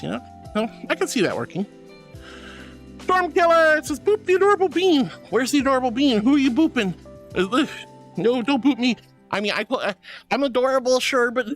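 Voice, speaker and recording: High pitched guy streamer gushing at his chat, calls everyone sweetie, soft music in the back. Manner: effusive, calls viewers honey and sweetie. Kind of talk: casual chat reading viewer messages.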